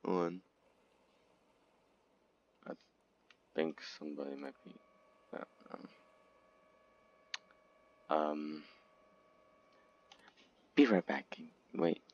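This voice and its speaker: Low-voiced man rambling over a game. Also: fairly even intonation, extremely slow, vocal fry, pauses often, a little mellow. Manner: rambling, giggly, sudden squeaky outbursts. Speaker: gaming video creator. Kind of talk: casual game commentary. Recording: dull lo-fi recording, dry.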